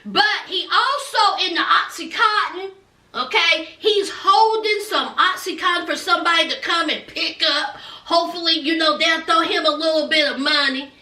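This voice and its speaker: Sassy high-voiced woman. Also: moderate pace, sharp tone, distant mic. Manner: sassy, gossipy, exclaiming "honey" and "child". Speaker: TV recap vlogger. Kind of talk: casual chatty TV recap. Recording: echoey room, voice off-mic.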